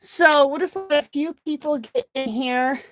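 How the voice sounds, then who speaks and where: Woman, middle-aged, slightly high voice, breathless, casual livestream chatter, friendly greetings. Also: a little slow. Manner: chatty, greets viewers by name with lifted voice. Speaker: craft livestream host. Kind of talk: casual live-stream chat while crafting. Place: home craft room.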